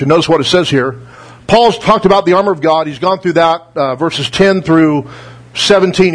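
A middle-aged man preaching a sermon in a high-pitched, husky voice. He reads scripture with weight and emphasis, then breaks into relaxed, conversational remarks to his listeners. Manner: teaching verse by verse, reading scripture aloud with emphasis; conversational asides to the congregation. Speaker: pastor.

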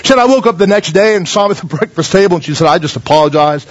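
Brief: male pastor preaching, high voice, folksy storyteller who calls for amens, dull lo-fi recording. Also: fast talker, few pauses. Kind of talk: sermon.

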